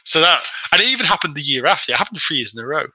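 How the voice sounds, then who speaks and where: A man telling a story at a brisk clip in casual chat. His voice is very bright and forward, and he slips into the voices of the people he quotes. The sound is dry and close. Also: a little high, no room sound, rough recording. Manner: fast, animated anecdote-telling with acted-out quotes. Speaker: podcast guest.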